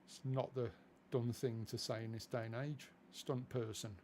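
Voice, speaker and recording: Brief: man from England, mid pitch, self-mocking flight-sim streamer, casual rambling commentary, faint background hiss. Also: flat delivery, moderate pace, a little mellow. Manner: chatty, self-deprecating, easily distracted. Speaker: streamer playing a flight simulator.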